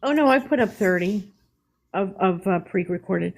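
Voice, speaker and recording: A woman's voice: mid-range voice, expressive, moderate pace, low-quality recording. Chatty woman with a New York accent. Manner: chatty, candid, with restarts and laughs. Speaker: live stream host. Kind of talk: casual chat on a live stream.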